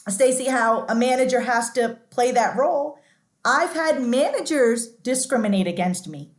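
A woman with a fairly high voice talks as a podcast guest, candid and chatty, circling back with lots of "like"s. Her voice rings in a noticeably echoey room. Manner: chatty, restarts often, says "like" a lot. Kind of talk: candid interview storytelling.

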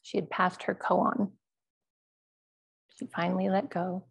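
A woman Zen teacher telling a personal story in a dharma talk, speaking in a quiet, measured, halting way. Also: mid-range voice, flat delivery, creaky, slightly rough.

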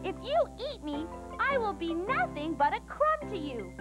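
A woman's voice: extremely high pitch, very animated, moderate pace, over loud music, low-quality recording. A storyteller voicing a small, bold male mouse who stands up to a lion.

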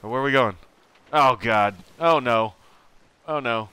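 Bright, clear-voiced male game streamer. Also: medium pitch, a little slow. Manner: talks to himself, frantic exclamations and swearing. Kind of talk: live gameplay commentary.

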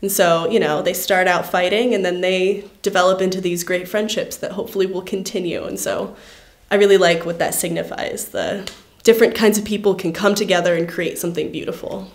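A woman's voice: on the low side, fairly even intonation, a little fast. A young woman talking in a personal interview, reflective and thoughtful, with frequent "um" and "like" fillers. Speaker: award honoree.

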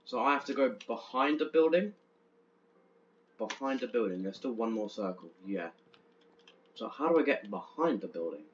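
A young man commenting on a horror game as he plays, chatty and jumpy, stammering when he gets excited. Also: mid-range voice, moderate pace, pauses often. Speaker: gaming channel host. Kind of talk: let's play commentary. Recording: dull lo-fi with faint hiss.

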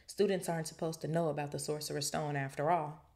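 A woman's voice: deep voice, fairly even intonation, quick pace, creaky, darkish tone. A woman voicing a cold, threatening male wizard teacher in a storybook reading, clipped and icy.

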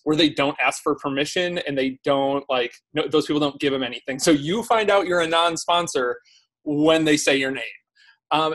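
A man on a podcast talks in an animated, rambling way, dropping "like" into nearly every sentence. His voice sits a little high for a man. It sounds like an easygoing conversation. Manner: animated, lots of "like" fillers. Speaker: podcast guest. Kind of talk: casual conversation.

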